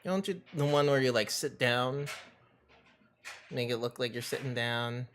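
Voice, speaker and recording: A man's voice: mid-range voice, unhurried, noisy background. A man casually chatting his way through a game, joking and rambling in playful asides. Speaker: gameplay streamer. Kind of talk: casual gameplay commentary.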